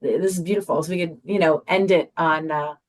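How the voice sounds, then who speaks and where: A woman's voice: sits low, steady tone, quick pace. A middle-aged woman speaking earnestly as a podcast guest, repeating herself as she searches for words. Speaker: guest, mother. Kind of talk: heartfelt podcast interview.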